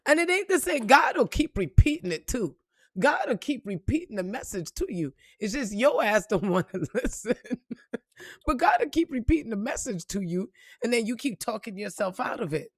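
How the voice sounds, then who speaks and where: A woman giving an unscripted motivational talk and telling a story straight to her viewers, blunt and profane, swinging between quiet asides and loud emphasis. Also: fairly high pitch, sing-song, normal speed, husky, dry recording, clean studio sound. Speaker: spiritual reader and motivational speaker.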